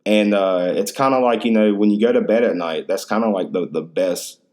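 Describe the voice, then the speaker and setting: A man's voice: on the low side, moderate pace, a little mellow. A man in his thirties hosting a casual solo podcast, telling rambling stories full of slang and swearing. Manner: rambling, profane, slangy storytelling. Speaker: podcast host.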